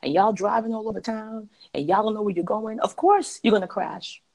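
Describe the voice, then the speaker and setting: A woman's voice: mid-range voice, fairly even intonation, a little fast, darkish tone. A woman on a podcast, giving emphatic relationship advice in a casual, conversational way. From parents from Jamaica.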